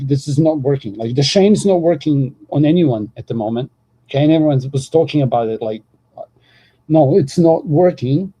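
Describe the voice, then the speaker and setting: A man runs a call-in panel in loose, rambling speech, with "like" in nearly every sentence. His voice is very dark and mellow, with a husky grain. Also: a little high, poor audio. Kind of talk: casual argumentative chat.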